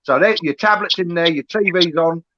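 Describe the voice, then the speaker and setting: A man's voice: fairly high pitch, fairly quick, sharp tone, no echo. A middle-aged man talking in a blunt, sweary rant during a casual podcast chat. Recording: dull lo-fi with faint hiss.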